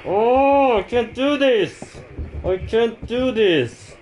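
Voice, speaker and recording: Man, horror game streamer, panicky swearing, unhurried pace, faint hiss behind. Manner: jumpy, swearing, panicky outbursts and nervous laughs; lively, dramatic pitch swings between yelps and mutters. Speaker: livestream gamer. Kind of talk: frightened horror game commentary.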